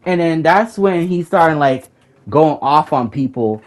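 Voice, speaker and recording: A young man with a slightly high voice tells a heated, rambling story and swears freely. He circles back and repeats himself when he gets worked up, in a loose, casual way. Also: expressive, measured pace. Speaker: gamer recounting a raid group argument.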